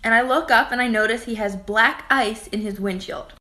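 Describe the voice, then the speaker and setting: Bright-voiced woman telling a story. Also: fairly high pitch, normal speed. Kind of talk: casual storytelling to a phone camera.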